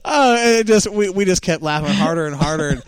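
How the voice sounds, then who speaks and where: There's slight background noise behind a man's high, fairly quick voice. He co-hosts a racing talk show, chatting casually and telling stories in an animated way while acting out what people said.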